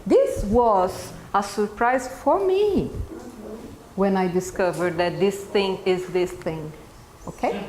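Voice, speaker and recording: In an echoey event room with faint background noise, a Brazilian teacher trainer presents a live pronunciation workshop to an audience of teachers, tagging each point with "okay?" A native Portuguese speaker with a Brazilian Portuguese accent, she has a slightly mellow, mid-range voice with lively intonation and takes her time.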